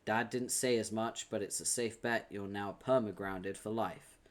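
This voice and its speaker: A man's voice: on the low side, normal speed. A man reading a webcomic aloud on a live stream, chatting with viewers, laughing often and swearing casually.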